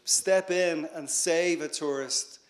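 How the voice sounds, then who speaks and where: A man's voice: fairly high pitch, slow, roomy sound. A man hosting an interview who asks rambling, conversational questions. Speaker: interviewer, host.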